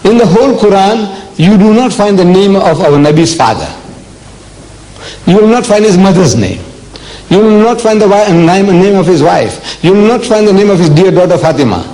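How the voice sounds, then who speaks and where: An older man from South Africa giving a public religious lecture, emphatic and deliberate, with rhetorical questions to the audience. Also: high voice, lively intonation, warm tone, rough recording. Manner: slow, deliberate delivery with dramatic pauses.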